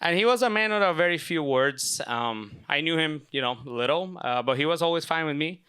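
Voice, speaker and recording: Young man, smooth resonant storytelling voice. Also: on the high side, lively intonation, brisk, sharp tone. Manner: casual, self-mocking, filler-heavy. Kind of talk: live personal storytelling. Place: stage at a live event.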